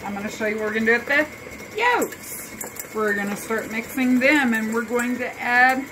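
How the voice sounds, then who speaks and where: A fairly high-voiced woman hosts a relaxed cooking lesson, chatting and teasing as she goes. A loud electric mixer whirs under her voice in the home kitchen. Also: fast, background noise. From New Mexico. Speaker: cooking show host. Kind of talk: casual cooking demonstration.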